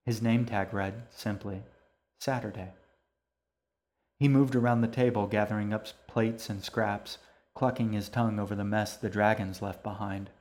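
Male storyteller, lowish voice, steady, calm narration. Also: normal speed. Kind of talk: audiobook narration.

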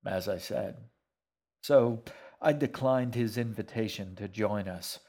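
A man doing a shaggy, wry, gruff man. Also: lowish voice, takes it slowly, dark tone. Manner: grunting, wry, matter-of-fact.

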